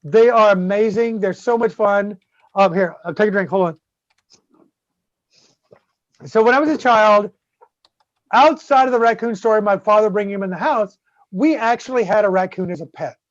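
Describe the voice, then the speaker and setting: A man's voice: sits high, normal speed, pauses often, dry recording. Profane Southern man telling stories. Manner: profane, animated storyteller with many "right?" tags. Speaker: guest co-host. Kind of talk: casual storytelling chat. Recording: slightly dull lo-fi dry sound.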